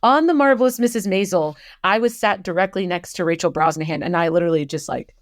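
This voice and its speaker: A woman's voice: fairly low pitch, fast talker, no echo, studio quality. A young woman, an actor and writer, telling a self-deprecating story as a podcast guest, laughing often.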